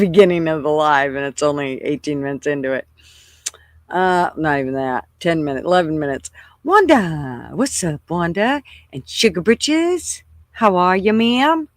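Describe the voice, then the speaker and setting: A woman's voice: deep voice, no echo, studio quality. An older woman hosting a casual livestream, chatting loosely, swearing freely and greeting viewers by name at her computer. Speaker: livestream host.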